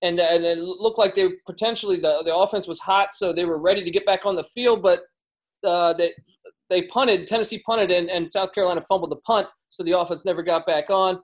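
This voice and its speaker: High-pitched dude talking college football picks on a call, keeps restarting his sentences. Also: steady tone, fairly quick, poor audio. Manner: rambling with many restarts. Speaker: guest handicapper. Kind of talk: casual sports betting chat.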